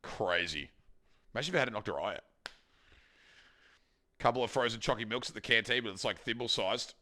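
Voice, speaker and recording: Young Australian man, casual cooking streamer, very bright tone, swears and jokes a lot. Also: lowish voice, animated, a little fast. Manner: joking, swears freely, rambling. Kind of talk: casual livestream chat while cooking. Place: home kitchen.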